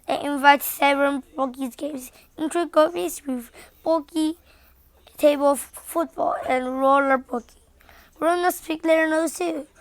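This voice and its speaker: A woman with a Mandarin-speaking background reading a children's bedtime story aloud in English, halting at times with slips and restarts. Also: high-pitched, no echo.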